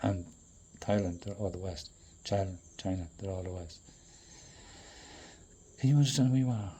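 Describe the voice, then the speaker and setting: A man in a profane, rambling monologue that swings between loud outbursts and low muttering. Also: moderate pace, a little hiss or hum. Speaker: traveling performer.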